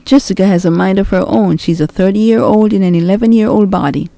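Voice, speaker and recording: A woman's voice: medium pitch, fairly quick, dark tone, no room sound, close to an everyday voice. A woman reading as a stern scolding mother. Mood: worried, defensive. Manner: scolding, firm. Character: stern, sharp-tongued middle-aged mother. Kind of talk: storybook reading.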